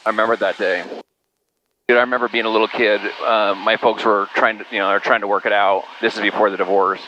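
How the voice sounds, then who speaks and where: A man's voice: on the low side, flat delivery, fast, bright, forceful tone, a little hiss or hum, low-quality recording. A middle-aged man from Utah, telling personal stories in a casual, rambling way and saying "dude" and "you know" a lot. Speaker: podcast guest. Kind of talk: casual conversational storytelling.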